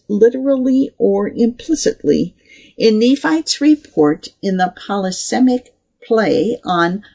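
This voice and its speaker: Article reader, gravelly and husky voice, reads punctuation aloud. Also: medium pitch, a little mellow. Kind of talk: reading a scholarly article aloud.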